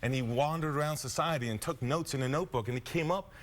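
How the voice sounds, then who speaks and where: A man who is a guest historian on a live morning TV show, playful and laughing often as he slowly reads out old rules. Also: fairly high pitch. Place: TV studio.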